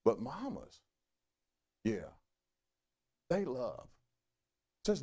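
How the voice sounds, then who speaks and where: A man's voice: moderate pace, pauses often. A middle-aged man preaching a sermon in a folksy, conversational way. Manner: folksy, conversational preaching with lively swings in pitch. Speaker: pastor.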